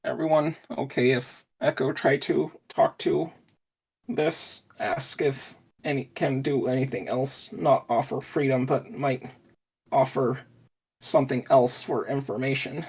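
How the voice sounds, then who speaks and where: Slow husky guy at the game table, talks in broken clipped bits. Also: mid-range voice, fairly even intonation, a little mellow. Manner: halting clipped grammar, speaks of himself in third person. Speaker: player.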